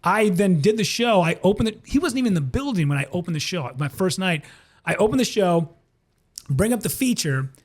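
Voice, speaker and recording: A man's voice: high-pitched, a little fast. A man from Minnesota, a comedian and former radio host, telling casual stories as a podcast guest and acting out other people's lines. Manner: animated, acts out other people's lines in quoted voices. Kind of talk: casual storytelling in a podcast interview.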